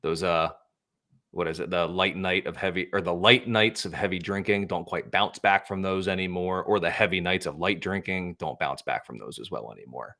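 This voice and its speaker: Very deep-voiced dry man in his thirties. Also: moderate pace, creaky, sharp tone. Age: 30s. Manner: dry, wry humor. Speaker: podcast co-host. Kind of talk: casual podcast chat.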